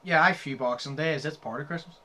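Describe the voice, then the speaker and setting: A man's voice: on the high side, quick pace, a crowd in the background. A young man co-hosting a casual podcast, swearing freely and laughing often as he retells comedy scenes. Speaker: podcast co-host.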